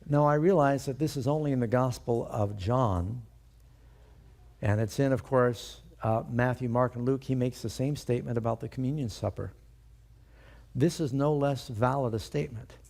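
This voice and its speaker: A man's voice: medium pitch, normal speed, gravelly, darkish tone. A male pastor preaching a sermon, emphatic and putting rhetorical questions to his congregation.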